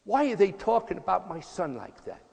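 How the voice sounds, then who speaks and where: An older man voicing his excitable Italian mother, who shouts indignantly at the television. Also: high-pitched, normal speed, gravelly, breathy edge, pitched above the performer's own voice, heavily acted. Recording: echoey hall reverb.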